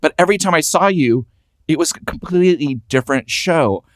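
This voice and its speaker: A man's voice: on the high side, animated, fairly quick, dry recording. Enthusiastic man hosting, dry close sound. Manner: enthusiastic fan, chatty recollections. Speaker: podcast host. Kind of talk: casual interview chat.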